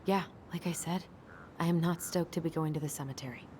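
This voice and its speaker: An actress voicing a guarded, reluctant young woman in a video game, speaking flatly. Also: sits low, brisk, close to an everyday voice. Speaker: game character. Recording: game audio with clear background noise.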